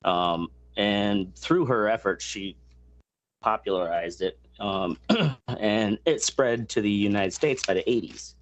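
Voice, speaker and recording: A man's voice: lowish voice, takes it slowly. A man hosting a casual podcast chat, explaining a topic at length with many fillers and crude asides. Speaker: podcast host.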